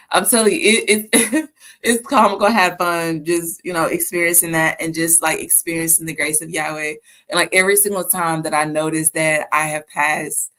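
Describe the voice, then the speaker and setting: Animated woman telling stories. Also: sits low. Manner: animated storytelling with laughs and restarts. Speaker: host. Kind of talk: casual faith talk to viewers.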